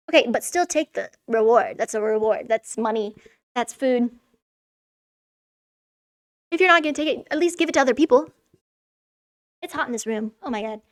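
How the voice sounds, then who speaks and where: A woman's voice: a little high, normal speed, pauses often. Irreverent young woman ranting sarcastically. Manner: irreverent, sarcastic, swears freely. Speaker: vlogger. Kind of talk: casual recap commentary. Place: room in a school.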